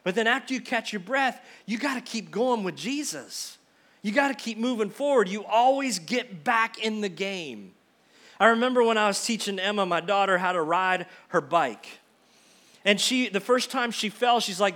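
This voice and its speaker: A pastor delivering a folksy, story-driven sermon. His voice sits high for a man, and he often doubles back on words as he goes. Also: lively intonation, moderate pace, pushed and bright. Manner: folksy storytelling, repeats words when restarting.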